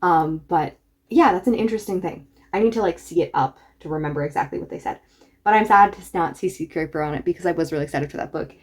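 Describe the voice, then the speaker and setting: A woman's voice: fairly low pitch, fast. A woman book reviewer talking casually and enthusiastically in a reaction vlog. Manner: enthusiastic, chatty.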